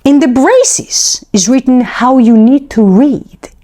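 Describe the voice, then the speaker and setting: A woman teaching a pronunciation lesson, repeating syllables slowly one by one and explaining patiently with small restarts. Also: high voice, expressive, warm tone. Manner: slow, deliberate repetition of syllables. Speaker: language teacher.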